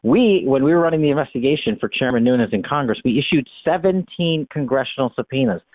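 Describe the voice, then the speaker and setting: A man's voice: medium pitch, animated, fast, dry recording. A man giving emphatic, argumentative political commentary as an interview guest. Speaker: guest, former congressional investigator. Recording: tinny phone-line sound, dry.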